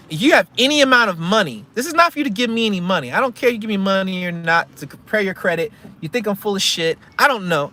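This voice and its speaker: A man's voice: high voice, sharp tone. A man giving a blunt, slangy motivational rant about money and credit from his parked car, repeating himself to push his points. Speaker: credit and investing vlogger. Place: parked car in a store parking lot.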